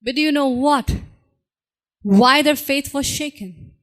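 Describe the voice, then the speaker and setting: A woman's voice: takes it slowly, a bit bright. A woman preaching a sermon, with rhetorical questions to her listeners and dramatic voicing of the people she quotes. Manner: dramatic, acts out quoted voices with sudden pitch swings; repetitive rhetorical questions to the congregation.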